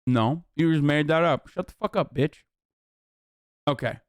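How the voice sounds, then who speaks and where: A young adult man rants at his chat with profane heat, his voice sitting a bit high for a man. His tone is smooth and clear, and the recording is close and dry with no room sound. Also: a little slow, dry recording. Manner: profane, heated ranting at chat. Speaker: streamer. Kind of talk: casual reaction stream commentary.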